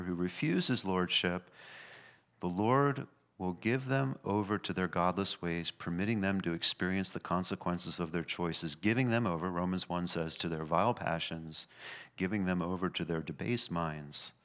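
Male pastor delivering a sermon, emphatic, shifting from loud highs to low, quiet passages. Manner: emphatic preaching, rising and falling in pitch and volume.

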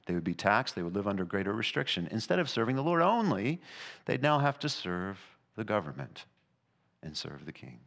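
A man preaching a sermon, emphatic, rising high and loud in places and dropping low and quiet in others. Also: big pitch swings, a little fast, vocal fry. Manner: emphatic preaching, rising and falling in pitch and volume. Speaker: pastor.

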